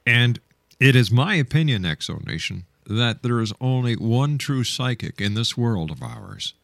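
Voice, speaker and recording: A man's voice: medium pitch, animated, measured pace, creaky, a bit bright, no echo. A man hosting a radio interview, giving short acknowledgements and a formal sign-off. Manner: brief acknowledgements, formal sign-off with web address. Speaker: radio host.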